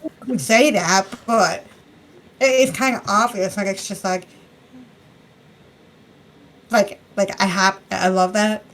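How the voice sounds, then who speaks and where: A woman's voice: mid-range voice, slow, long pauses. A young adult woman co-hosting a casual book review chat, chatty and hesitant with fillers, sometimes acting out quotes.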